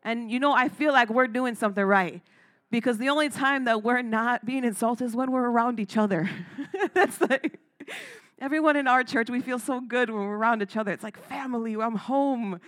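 Lady preacher, kinda high voice, punchy sermon, laughs now and then. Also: fairly quick, a bit bright. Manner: emphatic, calls out "Amen?" and "Come on"; laughs between points, playful asides.

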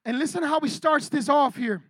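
High-pitched male pastor, casual sermon style, keeps checking in with the room, dry close sound. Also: normal speed, a bit bright, dry recording. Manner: conversational, keeps asking "right?" and teases the congregation.

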